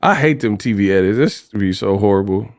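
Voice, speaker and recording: A man's voice: on the low side, expressive, a little fast. Guy from california ranting on a livestream, slangy and joking, voice all over the place. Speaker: host. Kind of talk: casual livestream rant.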